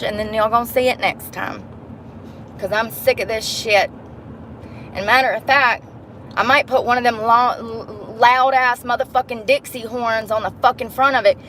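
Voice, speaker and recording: A fairly high-voiced woman rants to her camera from inside her car at night. She talks angrily and bluntly, swearing often. Faint background noise sits under her voice. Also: a bit bright. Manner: angry, profane, blunt. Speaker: vlogger. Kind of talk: heated rant to the camera.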